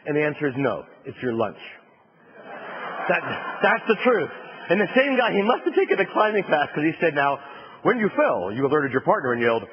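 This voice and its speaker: A husky-voiced man from New Jersey tells a comic adventure story as a motivational speaker, his pitch leaping and swooping as he acts out shouts and lands punchlines. The sound is muffled and lo-fi, as from an older recording. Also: sing-song, a little fast, in a large hall. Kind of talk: storytelling keynote speech.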